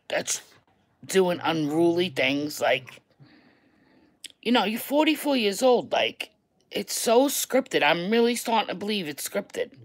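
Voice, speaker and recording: Blunt, loud New York woman ranting. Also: lowish voice, poor audio. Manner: loud, blunt, repeats herself for emphasis, swears. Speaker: online creator. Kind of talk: livestream rant to viewers.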